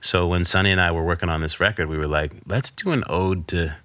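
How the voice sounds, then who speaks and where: A middle-aged man, a podcast guest, telling a personal story in candid conversation and quoting others with lively put-on voices. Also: low voice, fairly quick, no room sound. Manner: storytelling, quotes his father in animated voice.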